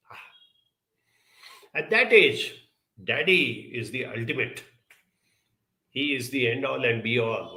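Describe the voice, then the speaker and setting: A man giving an earnest, reflective talk, telling a childhood story in a measured way with lively emphasis. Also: mid-range voice, creaky.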